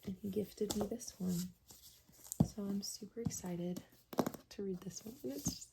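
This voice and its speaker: A young woman chatting casually in a book vlog, soft-spoken and dropping often into a whisper, with plenty of filler words. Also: mid-range voice, steady tone, unhurried, vocal fry, heavy background noise. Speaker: book vlogger. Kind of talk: casual reading vlog chat.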